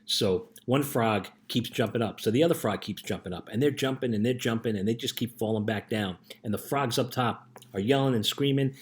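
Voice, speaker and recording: A man's voice: medium pitch, brisk, hardly any pauses. A middle-aged man, a youth life coach, telling a story in an earnest casual motivational talk and often checking in with "right?".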